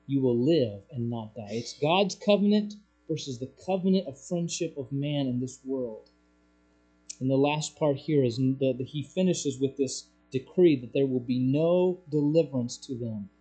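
A man preaching a sermon as pastor, growing loud and emphatic on key points. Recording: low mains hum.

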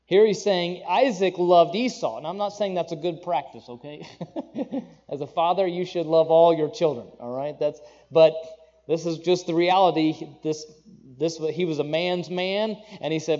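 A man preaching a conversational sermon, animated, with asides to the congregation and playful acted-out quotes. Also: on the high side, normal speed, muffled recording. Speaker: pastor.

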